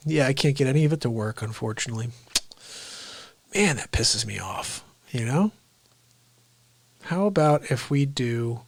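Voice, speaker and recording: A man's voice: mid-range voice, no echo. A man hosting an unscripted livestream, rambling and joking and then griping when his tech won't work. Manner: rambling, jokey, frustrated with tech. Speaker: livestream host.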